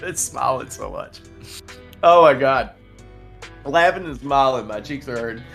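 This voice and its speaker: A man's voice: medium pitch, expressive, unhurried, vocal fry, fairly bright tone, faint music behind. A man hosting a live trading stream, chatting casually and reading out viewer comments, laughing often and rambling with many restarts. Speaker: livestream trading show host.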